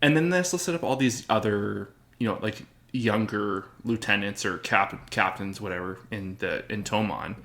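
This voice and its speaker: A man's voice: fairly low pitch, normal speed, fairly bright tone. A young man co-hosting a casual podcast chat, rambling with lots of filler words and frequent laughter. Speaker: podcast co-host.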